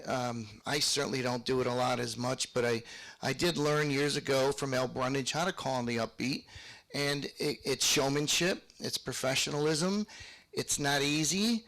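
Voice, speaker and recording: A man's voice: medium pitch, moderate pace, a bit bright. A middle-aged man teaching square dance calling on a video call, chatty, explaining with hummed beats and sample calls. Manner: chatty, explains with hums and called sample lines. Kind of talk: online workshop lesson with demonstrations.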